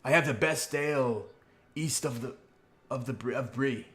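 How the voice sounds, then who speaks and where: A man's voice: medium pitch, moderate pace, pitched above the performer's own voice, lightly acted. A man putting on a hearty, jovial innkeeper. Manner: loud, hearty, hospitable. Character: jovial welcoming male innkeeper.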